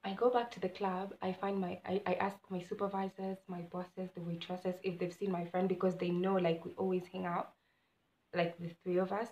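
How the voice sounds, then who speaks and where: A young woman telling a story as a vlogger, animated, swinging between loud exclamations and low mutters. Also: moderate pace, highs cut off. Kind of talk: casual storytime narration. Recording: echoey room.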